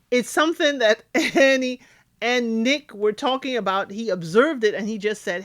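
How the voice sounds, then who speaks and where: A woman's voice: on the high side, expressive, moderate pace. A woman giving casual recap commentary on a reality dating show, acting out cast members' lines as she talks.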